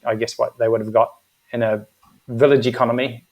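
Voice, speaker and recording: A middle-aged man with a New Zealand accent, a guest in a casual interview, speaking in an even, measured way with frequent ums. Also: mid-range voice. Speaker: guest, agency managing director.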